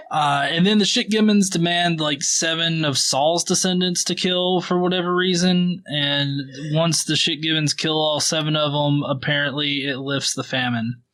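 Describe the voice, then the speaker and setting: A man's voice: a little high, steady tone, measured pace, a bit bright. Sarcastic, profane male podcast host. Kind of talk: casual, irreverent Bible recap.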